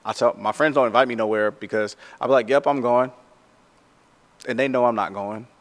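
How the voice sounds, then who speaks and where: A man who works as a tattoo artist, telling a story in a casual, animated way, full of slang and "like". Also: on the low side, quick pace, big-room sound.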